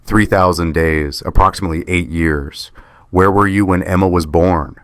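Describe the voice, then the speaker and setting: A man voicing a stern female family court judge in a narrated story, steady and measured. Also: low voice, no echo, clean studio sound.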